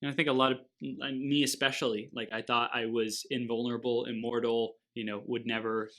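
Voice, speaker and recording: A man hosting an interview, musing aloud in a halting, reflective way full of fillers and restarts. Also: mid-range voice, little pitch movement, fairly bright tone. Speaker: interview host. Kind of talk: casual interview chat.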